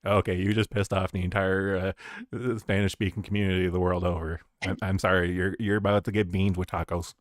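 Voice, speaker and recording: A man's voice: sits low, little pitch movement, fairly quick, no echo, clean studio sound. A man in a casual chat stream, reading chat aloud and tossing in sarcastic, profane jabs. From Canada.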